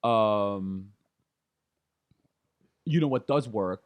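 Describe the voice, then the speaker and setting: A man in his thirties talking candidly as a podcast guest, animated and often laughing. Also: fairly low pitch, extremely slow, dry recording. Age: 30s. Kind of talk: casual conversation.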